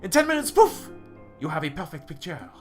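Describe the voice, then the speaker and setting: Brief: male performer as a naive young cat lady, pitched well up, bubbly, lively swoops. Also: a little fast, faint music behind. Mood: excited. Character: sweet young female cat noble, naive and cheerful.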